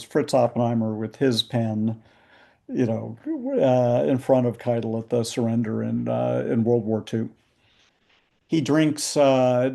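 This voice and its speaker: A man, an author, narrating history over slides on a video call, with many pauses and fillers. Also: medium pitch, creaky, mellow. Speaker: book author. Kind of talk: book talk presenting slides.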